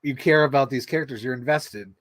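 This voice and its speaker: A man's voice: medium pitch, brisk, no room sound. Emotional, rambling man with a dry, close sound. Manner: rambling and emotional, filler-heavy, laughing often. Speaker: vlog host. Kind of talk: casual chat.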